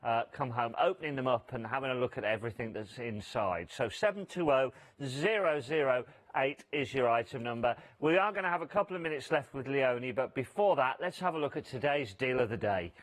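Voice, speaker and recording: A man's voice: medium pitch, expressive, brisk. A British man presenting on a live shopping channel, with easygoing patter full of fillers.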